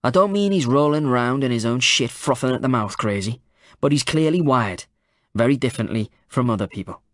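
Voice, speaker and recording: A man playing a cool, calculating male detective chief inspector who speaks in a deadpan, blunt way. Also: mid-range voice, brisk, dry recording, studio quality, lightly acted. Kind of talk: audiobook character voice.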